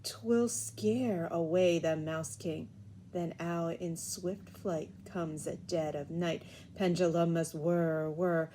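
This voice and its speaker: A woman voicing an odd old male godfather and clockmaker in a storybook reading, chanting in a grating monotone. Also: fairly low pitch, takes it slowly, a little hiss or hum.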